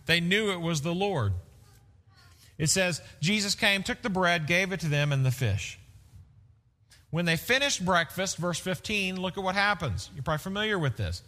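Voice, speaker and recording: A pastor preaches a sermon in a bright, fairly high voice, speaking conversationally to the congregation and repeatedly checking in with "right?". His words hang in the long reverb of a big church hall.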